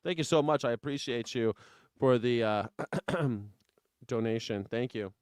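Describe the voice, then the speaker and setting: A man hosting a live news reaction show, profane and mocking, at times slipping into a soft taunting croon. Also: medium pitch, a little slow, clear, resonant tone, dry recording, studio quality. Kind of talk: live political commentary.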